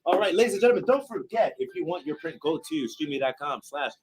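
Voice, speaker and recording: A man's voice: a little high, rough recording. A man hosting a live stream, talking energetically with lots of fillers and hype. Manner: energetic hype, fast filler-laden talk. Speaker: stream host.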